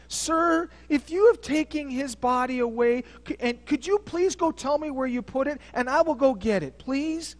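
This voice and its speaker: A man preaching a sermon as a pastor, retelling a story with dramatic swings between loud outbursts and hushed near-whispers. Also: extremely high pitch. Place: church sanctuary. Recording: long church reverb.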